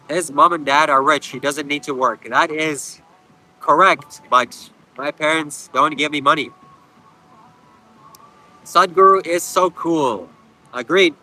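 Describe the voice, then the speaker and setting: A man from Canada streaming outdoors at a beach, answering his chat with deadpan jokes. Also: on the high side, low-quality recording. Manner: deadpan, joking replies to chat. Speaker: livestream host reading chat. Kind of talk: casual livestream chat.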